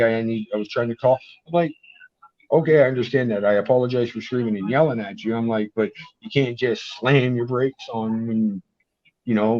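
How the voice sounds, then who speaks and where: A man talks casually on a video call, telling lively stories and cursing freely. His voice sits mid-range. The call audio is muffled and lo-fi. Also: mid-range voice, dry recording. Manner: animated storytelling, swears casually.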